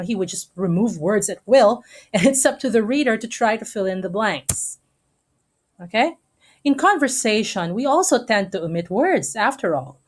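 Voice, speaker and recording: Woman teacher explaining a lesson. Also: mid-range voice. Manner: explanatory, checks in with frequent "okay?". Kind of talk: recorded online lesson.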